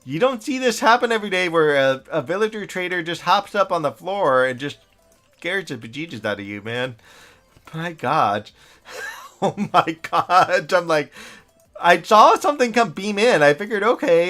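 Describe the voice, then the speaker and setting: A man's voice: a little high, animated, normal speed, bright, forceful tone. Chatty male streamer with a lighter voice. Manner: chatty, rambling, laughs often, talks to game characters. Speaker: gaming streamer. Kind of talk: casual live-stream chat while playing.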